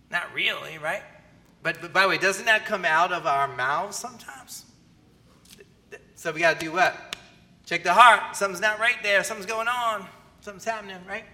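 A man preaching a sermon as pastor, animated and often asking the audience questions. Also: high-pitched. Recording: long hall reverb.

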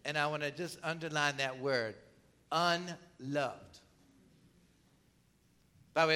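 A man's voice: high-pitched, pushed and bright, smooth. A man preaching a sermon in a conversational way, with rhetorical questions and asides to the congregation. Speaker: pastor.

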